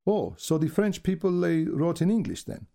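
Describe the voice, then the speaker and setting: A woman's voice: fairly low pitch, sing-song, moderate pace, vocal fry, warm tone, pitched above the performer's own voice. A man voicing an eager Spanish tourist woman with a Spanish accent, asking earnest questions in broken English. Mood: curious.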